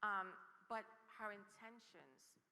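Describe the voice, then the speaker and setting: A woman from the Bronx telling a personal story on a conference stage, lively and laughing, acting out what others said. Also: mid-range voice, slow pace, gravelly. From the Bronx, New York. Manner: lively, laughing, acts out quotes. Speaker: panel speaker. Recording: reverberant hall.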